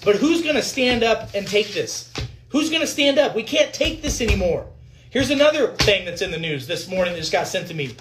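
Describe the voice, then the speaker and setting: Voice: mid-range voice, very animated, fairly quick, noisy background. A physician in a fired-up, profane rant at viewers about news articles, hammering points with repetition. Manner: fired up, emphatic, repetitive, swears; addresses viewers directly. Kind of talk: ranting commentary on news articles.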